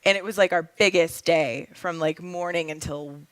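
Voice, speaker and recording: A woman's voice: on the low side, normal speed, fairly bright tone, no echo. A young adult woman, a film director and actress, telling a story in a casual interview. She talks in a chatty way, with lots of fillers and laughs.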